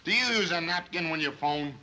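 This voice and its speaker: A man playing a brash, impatient police inspector in a 1930s film, gruff and wisecracking as he barks orders. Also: on the high side, brisk, sharp tone, rough recording.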